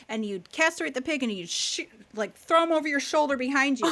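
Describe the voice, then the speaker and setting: A woman's voice: high voice, lively intonation, fast, few pauses, pushed and bright. A woman co-hosting a podcast, telling a childhood story in casual chat, acting out quotes and laughing often. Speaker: podcast co-host.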